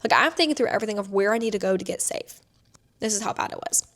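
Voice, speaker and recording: A woman's voice: medium pitch, expressive, racing, a bit bright. A woman in her twenties, seated indoors, tells a personal story to camera, filling her speech with "like". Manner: chatty, many filler "like"s. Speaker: vlogger.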